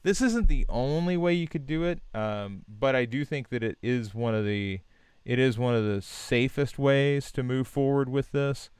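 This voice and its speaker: A man with a smooth, clear voice talks through design feedback on a live stream, loose and encouraging, full of "um"s and restarts. The sound is dry and close to the mic. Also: mid-range voice, moderate pace, dry recording. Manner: relaxed, many fillers and restarts, encouraging. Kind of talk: casual live-stream critique.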